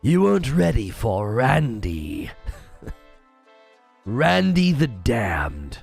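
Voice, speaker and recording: A man voicing a menacing dark lord with a joke name, in a slow, mock-sinister drawl. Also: medium pitch, sing-song, gravelly, husky, soft background music, pitched below the performer's own voice, exaggerated voice.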